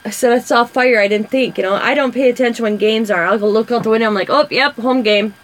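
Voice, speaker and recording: A woman's voice: a little high, fast, low-quality recording. A woman, telling rambling stories in casual chat while coloring for her craft vlog. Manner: rambling, chatty storyteller. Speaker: craft vlogger.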